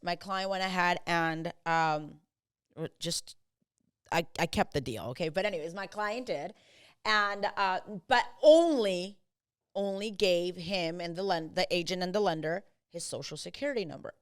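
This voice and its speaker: A woman real estate agent hosting a casual podcast chat, mixing English with Spanish and acting out clients in quick quotes. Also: lowish voice, clear, resonant tone. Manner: switches between English and Spanish; animated, acts out buyers and agents in quotes.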